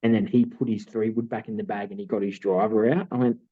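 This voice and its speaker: A man with a fairly low, fairly evenly intoned voice talks fast while co-hosting a podcast. He rambles through a long story in casual chat, full of fillers, and the recording has a tinny, phone-like sound.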